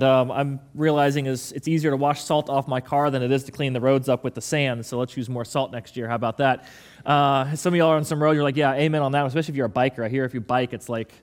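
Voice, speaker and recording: A man preaching a casual, rambling sermon to his congregation, full of fillers and joking asides. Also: fairly high pitch. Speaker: pastor.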